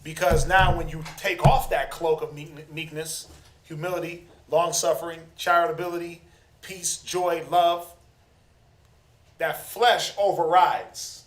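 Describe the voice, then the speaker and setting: A man leads a scripture class in a high, animated voice, bouncing questions to his group and slipping into the voices of the people he quotes. The room is echoey and reverberant. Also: a little slow. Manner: animated, acts out quoted people, calls for responses. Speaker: Bible class teacher.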